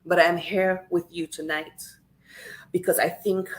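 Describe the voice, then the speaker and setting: A woman's voice: on the low side, level tone, measured pace, poor audio. Tearful, earnest woman on a livestream. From Saint Lucia. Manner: emotional, earnest, repeats phrases for emphasis. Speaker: livestream host speaking on politics. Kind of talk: impassioned livestream address. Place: home in Canada.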